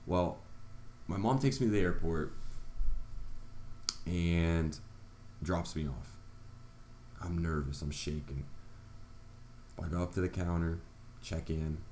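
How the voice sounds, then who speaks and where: A man's voice: low voice, slow pace, long pauses, dark tone, roomy sound, a little hiss or hum. A man vlogger earnestly telling a personal story, acting out his own reactions along the way. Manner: earnest, retelling events with quoted reactions.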